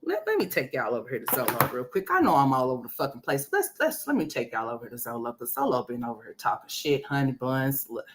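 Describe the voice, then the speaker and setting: A woman's voice: a bass voice, sing-song, quick pace, few pauses, a little hiss or hum. A woman hosting a gossip commentary livestream, brash and profane, rambling and talking straight to her viewers. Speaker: commentary host.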